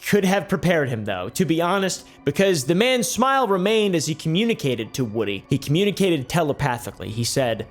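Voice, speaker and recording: A man's voice: fairly high pitch, sing-song, brisk, hardly any pauses, soft background music. A man narrating a mystery story in a comedic style, with dramatic narration broken by jokey, swearing asides. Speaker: YouTube storyteller.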